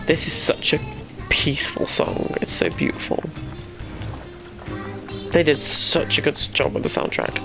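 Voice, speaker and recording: A man doing relaxed, chatty let's-play commentary on a game. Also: a little high, measured pace, long pauses, over music. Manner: relaxed, chatty, self-deprecating. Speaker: gaming YouTuber.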